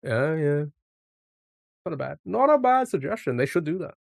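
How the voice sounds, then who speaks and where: A man's voice: on the high side, big pitch swings, moderate pace, creaky, no room sound, clean studio sound. A man live streaming a music guessing game, chatting casually and reacting to his chat as he plays.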